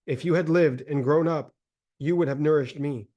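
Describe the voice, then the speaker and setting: A man's voice: on the high side, steady tone, moderate pace, warm tone, muffled recording, natural voice. A man reading as a starving, grief-mad mother. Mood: desperate tender. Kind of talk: dramatic reading of a religious text.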